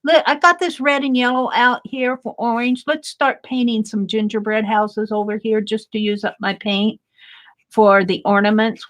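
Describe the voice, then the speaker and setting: Slow-talking woman chatting while painting. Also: a little high. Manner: warm, gushing, laughs often. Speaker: art vlogger.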